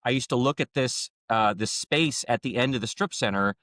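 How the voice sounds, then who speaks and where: A man's voice: mid-range voice, normal speed, no room sound, clean studio sound. A man hosting a podcast, telling a story in a casual, chatty way and acting out the dialogue. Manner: chatty, acts out quoted dialogue with lively voices. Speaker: podcast host.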